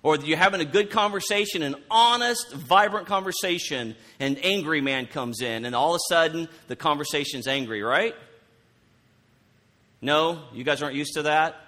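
Conversational pastor, fairly high voice. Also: male voice, lively intonation, normal speed, sharp tone. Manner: conversational, repeats words, asks the congregation questions. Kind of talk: sermon.

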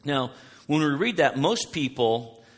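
A man preaching a sermon, loud and animated, telling stories from the pulpit. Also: medium pitch, a little slow. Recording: long hall reverb.

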